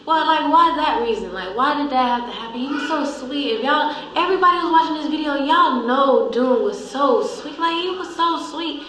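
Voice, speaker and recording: A young woman co-hosting a vlog, telling a story in an animated way while holding back tears. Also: sits high, normal speed, few pauses. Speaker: co-host, friend. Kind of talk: emotional storytelling. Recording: echoey room.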